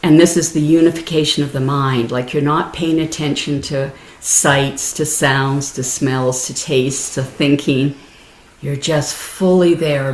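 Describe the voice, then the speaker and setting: A woman meditation teacher giving a gentle, explanatory dharma talk, laughing easily and restarting her phrases. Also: very deep voice, slight background noise. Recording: roomy echo.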